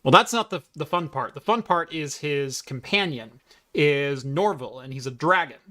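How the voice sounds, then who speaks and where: A man co-hosting a casual tech podcast, chatty, with halting restarts. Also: fairly high pitch, expressive, sharp tone. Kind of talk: casual chat.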